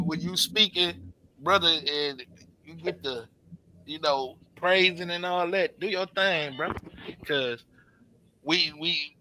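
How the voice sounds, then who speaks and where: A man's voice: a little high, pushed and bright, rough recording. A man hosting a podcast in casual chat, encouraging and full of slang. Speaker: podcast host.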